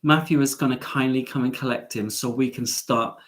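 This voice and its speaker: A man's voice: mid-range voice, fairly even intonation, fairly quick. A man hosting a chatty live stream from home, playful and camp, teasing his audience.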